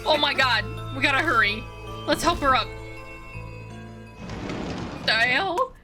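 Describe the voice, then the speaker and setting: A woman's voice: high-pitched, expressive, slow. A woman streamer who reads game dialogue aloud between casual, giggly, foul-mouthed reactions. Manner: giggly, swears freely, reacts loudly. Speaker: streamer playing a visual novel. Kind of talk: reading game text aloud with casual commentary. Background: game music.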